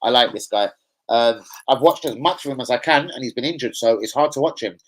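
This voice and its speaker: A man's voice: medium pitch, fairly quick, a bit bright, rough recording. A young man hosting a football fan stream, chatting casually, rambling and swearing with plenty of slang. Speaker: football fan channel host. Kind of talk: casual live-stream reaction chat.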